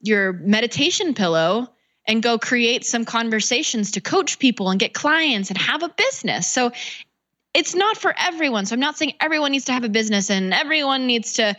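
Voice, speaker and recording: A woman coach talking casually in an interview, animated and full of filler words, acting out quotes in little voices. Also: a little high, normal speed. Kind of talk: podcast interview.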